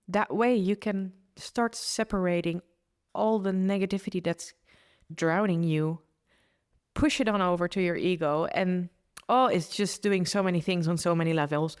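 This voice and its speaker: A woman's voice: fairly low pitch, fairly even intonation, moderate pace, clear, resonant tone. A woman hosting a solo podcast, giving earnest, upbeat mindset advice to listeners with frequent restarts. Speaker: podcast host and mindset coach.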